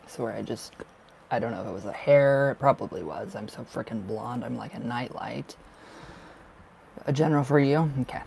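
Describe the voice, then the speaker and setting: A man's voice: medium pitch, moderate pace, gravelly, darkish tone, slight background noise. A man giving tarot card readings on a casual livestream, affectionate and gushing, laughing often as he chats to viewers. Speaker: tarot reader.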